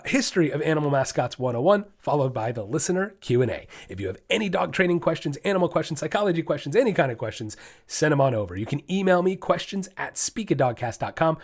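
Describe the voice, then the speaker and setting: A man hosting his own dog training podcast, talking solo in an emphatic, fired-up way that often slides into ranting. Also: mid-range voice.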